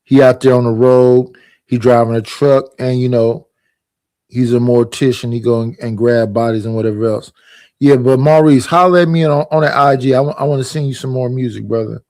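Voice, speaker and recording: A man's voice: mid-range voice, steady tone, a little fast, mellow, dry recording. Slangy, profane man hosting a livestream. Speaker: livestream host. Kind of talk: casual livestream commentary.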